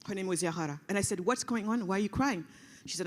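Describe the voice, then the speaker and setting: A woman giving an emotional storytelling speech at a conference, passionate and sometimes dropping to a hushed, soft delivery. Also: mid-range voice, fast. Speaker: keynote speaker. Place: large conference hall. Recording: long hall reverb.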